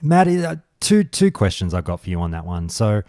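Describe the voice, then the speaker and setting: A man's voice: lowish voice, big pitch swings, moderate pace, mellow, no echo, clean studio sound. A man, hosting a casual podcast chat, ranting and swearing as he gets heated. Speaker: podcast host.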